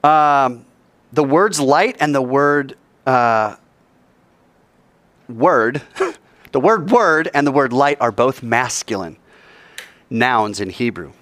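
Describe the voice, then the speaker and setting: A man's voice: medium pitch, lively intonation, slow, pauses often, fairly bright tone, no room sound. A man giving an informal Bible lesson, acting out little mock dialogues and dropping jokey asides. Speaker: Bible teacher.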